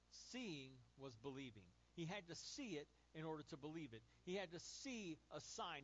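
A man's voice: fairly high pitch, fairly bright tone, lo-fi sound, slight background noise. A man pastor preaching a sermon, reading scripture aloud and then talking it through conversationally with the congregation.

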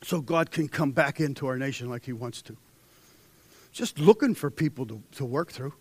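A young man preaching a sermon, dropping to hushed intensity, then rising into loud exhortation as he reads scripture. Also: mid-range voice, normal speed, breathy edge, no echo.

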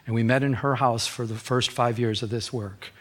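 A middle-aged man, a pastor, preaching a sermon and telling a personal story in an earnest, animated way, often stumbling on "I". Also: mid-range voice, moderate pace, a little hiss or hum.

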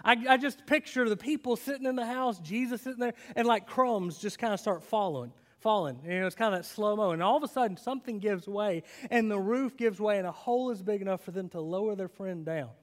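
A man preaching a sermon. He tells the story dramatically, asks his listeners questions, and swings between loud and hushed delivery. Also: high voice, fairly quick, hardly any pauses. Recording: long reverb of a large hall.

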